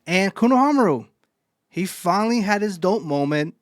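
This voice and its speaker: A man hosting a casual anime podcast, excitedly retelling a chapter and swearing freely. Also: high-pitched, normal speed, dry recording, studio quality. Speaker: podcast host.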